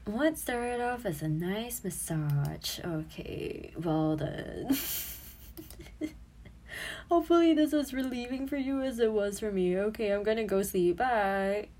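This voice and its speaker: A woman's voice: medium pitch, lively intonation, slow pace, a little mellow. A woman in her twenties, an audio creator and streamer, chatting casually and giggling as she looks back on her old posts, swearing freely.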